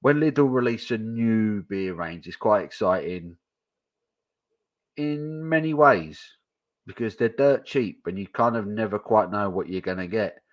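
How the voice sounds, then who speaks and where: Stand-in stream host: man, low-ish voice, easygoing banter with viewers. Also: moderate pace, hardly any pauses, dull audio. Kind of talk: casual pub chat, reading viewer comments.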